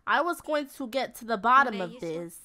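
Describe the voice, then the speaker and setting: A woman voicing a heartbroken, furious young woman sim in a life-simulation game, talking dramatically in her own voice, which sits a touch high. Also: lively intonation, normal speed, crowd noise, lightly acted. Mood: gossipy. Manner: dramatic, gossipy.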